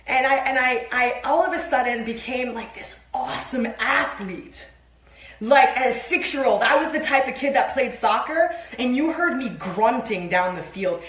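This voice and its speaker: A woman co-hosting a livestreamed spiritual sermon, speaking in an animated, emphatic way and swearing freely. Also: fairly high pitch, reverberant.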